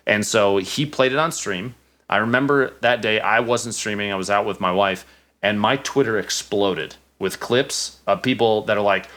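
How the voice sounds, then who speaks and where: Low-voiced man telling a lively story. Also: fairly quick. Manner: animated, acts out quotes, many restarts. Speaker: podcast guest, streamer. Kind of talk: casual storytelling.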